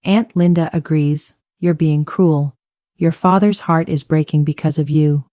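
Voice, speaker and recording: A woman's voice: low-pitched, fairly even intonation, measured pace, warm tone, dry recording, clean studio sound. A woman voicing a manipulative mother who guilt-trips her daughter. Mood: guilt-tripping.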